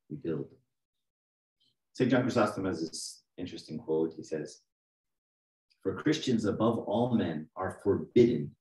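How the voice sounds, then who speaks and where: Low and darkish in tone, a middle-aged man preaches conversationally as archdeacon, regularly checking in with the congregation. The setting is a church, captured by a distant mic in an echoey space.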